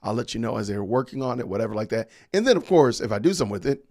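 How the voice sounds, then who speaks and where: A man's voice: medium pitch, lively intonation, rapid-fire, vocal fry, darkish tone, no echo, clean studio sound. A man hosting a podcast livestream, chatting casually and reading viewer comments aloud with frequent laughs. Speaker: podcast host.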